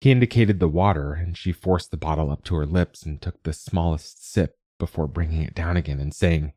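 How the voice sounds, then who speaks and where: Low-voiced guy reading a story, calm and measured, dry close sound. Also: no echo. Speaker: narrator and podcast host. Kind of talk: scripted narration of a short story.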